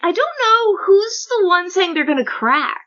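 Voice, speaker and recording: A woman hosting a podcast in casual chat, lively and often laughing, acting out quoted lines in a raised voice. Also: very high voice, unhurried. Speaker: podcast host. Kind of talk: casual chat recapping a manga chapter. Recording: dull lo-fi podcast audio.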